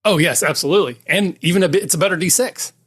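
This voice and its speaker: Male game designer guest, slightly high voice, jokey, self-deprecating, casual. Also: fast talker, a bit bright, slightly rough. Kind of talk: casual chat.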